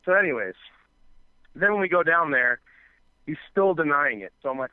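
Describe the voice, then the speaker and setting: This co-host speaks on the high side at a moderate pace, with a smooth, animated delivery and frequent pauses, spinning a long, rambling podcast story full of filler words and profanity. He voices other people's quoted lines himself, and the sound is dry and thin, almost phone-like.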